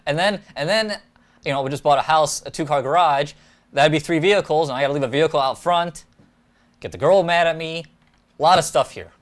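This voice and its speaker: A man's voice: on the high side, fairly quick. A man hosting a casual live stream, easygoing and agreeable, reading viewer comments aloud. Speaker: host.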